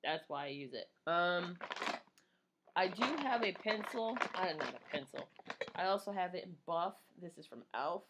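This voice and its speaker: A woman's voice: lowish voice, animated, normal speed, very noisy. A woman in her thirties chats away casually while she does her makeup. She rambles from one thing to the next, swears freely and makes fun of herself as she talks. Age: 30s. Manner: rambling, profane and self-mocking. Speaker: vlogger.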